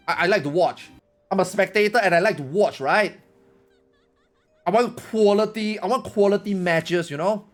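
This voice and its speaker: A man's voice: high voice, fairly quick, soft background music. A male gaming streamer giving a casual opinion rant, rambling, repetitive and emphatic.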